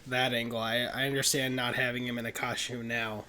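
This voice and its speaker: An upbeat man chats on a movie podcast, recorded over a video call. His pitch sits in the middle, and he drops in quick asides and quoted lines. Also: little pitch movement, a crowd in the background. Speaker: podcast co-host. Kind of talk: casual film podcast chat.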